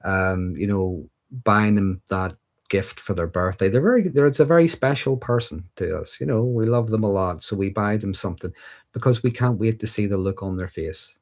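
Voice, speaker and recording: A man's voice: fairly low pitch, moderate pace. A middle-aged man with a Northern Irish accent, hosting a casual livestream and answering viewer questions in a thoughtful, rambling way with frequent ums. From Northern Ireland.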